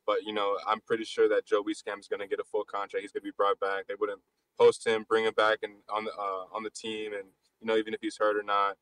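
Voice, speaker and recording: A man hosting a casual live basketball chat, talking fast and loosely with frequent restarts. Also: fairly low pitch, monotone, fairly bright tone, dry recording, poor audio. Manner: rapid, loose talk with many restarts. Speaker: podcast host.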